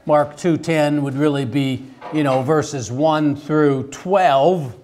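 A man teaching a theology class, talking in a halting way with many restarts and fillers and asking the class questions. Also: on the high side, a little mellow, a little hiss or hum. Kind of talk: classroom lecture.

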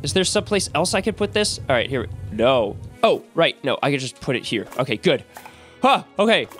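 A woman playing a video game and commentating, excitable, swearing and shrieking. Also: deep voice, a little fast. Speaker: gamer. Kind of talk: let's play commentary. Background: game music.

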